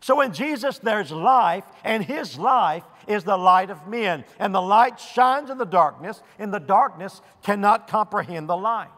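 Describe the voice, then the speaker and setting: A man with a high voice preaches in a deliberate, unhurried cadence, stressing single words and letting pauses hang. His voice rings out in a church sanctuary with a long reverb tail. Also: animated, a bit bright. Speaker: pastor. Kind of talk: sermon.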